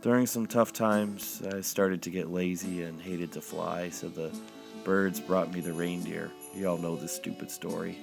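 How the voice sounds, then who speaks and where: A man reading a dark comic story in the first person, with a deadpan delivery. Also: sits low, measured pace, gravelly, over music.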